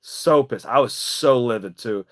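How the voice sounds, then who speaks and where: A man's voice: medium pitch, measured pace. A young adult man hosting a podcast, telling a personal story in a rambling, emphatic way with casual swearing. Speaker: podcast host.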